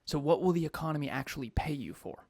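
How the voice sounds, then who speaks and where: A man co-hosting a podcast and coaching, talking in an animated, emphatic way and laughing often. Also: a little high, fast, gravelly, no echo, clean studio sound. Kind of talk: casual podcast chat.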